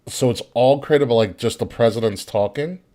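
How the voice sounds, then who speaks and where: A man hosting a live-stream podcast, relaxed, muttering to himself while fixing technical problems. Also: medium pitch, moderate pace. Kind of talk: casual live-stream chat.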